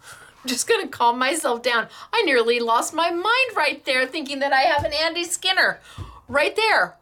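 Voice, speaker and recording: A woman hosting a craft show, excitedly showing off viewers' samples, gushing and stammering as she talks. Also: high voice, normal speed.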